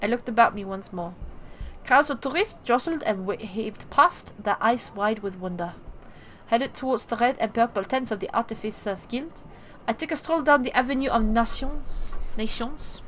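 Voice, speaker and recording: A woman's voice: a little high, normal speed, a bit bright, a little hiss or hum, low-quality recording. A woman reading a text game aloud with casual, self-deprecating asides.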